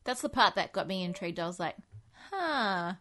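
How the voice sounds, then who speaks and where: A woman's voice: on the low side, rapid-fire, pushed and bright. A woman co-hosting a podcast in casual chat, chatty and laughing as she talks, with many fillers. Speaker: podcast co-host.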